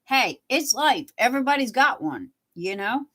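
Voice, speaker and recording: A woman's voice: a little high, big pitch swings, normal speed, fairly bright tone. A middle-aged woman hosting a livestream, chatting casually with viewers in a rambling way, reading their comments aloud and saying "you know" over and over. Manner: repeats "you know" a lot. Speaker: livestream host. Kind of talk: casual chat with live viewers.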